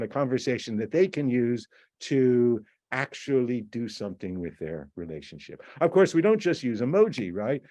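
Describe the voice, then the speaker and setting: A man's voice: mid-range voice, a little mellow, no echo. A man giving a university lecture, explaining step by step, repeating words and acting out quoted messages. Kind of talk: recorded lecture.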